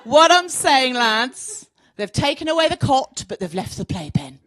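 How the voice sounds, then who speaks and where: Female stand-up, middle-aged, Birmingham accent, brash and bawdy, lively pitch. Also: a little slow, crowd noise. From Birmingham, England. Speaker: stand-up comedian. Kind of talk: stand-up routine. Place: comedy club stage.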